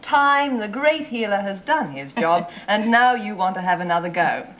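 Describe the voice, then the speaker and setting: A woman's voice: mid-range voice, animated, normal speed, a bit bright, natural voice. A woman playing a gushing agency clerk.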